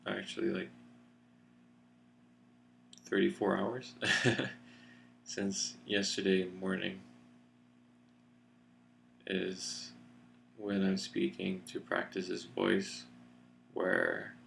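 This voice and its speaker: Very deep, gravelly man speaking slowly. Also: a little hiss or hum. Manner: relaxed, grounded chest voice; unhurried, thoughtful and searching for words. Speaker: vlogger. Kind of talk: reflective personal video update. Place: seated in a chair indoors.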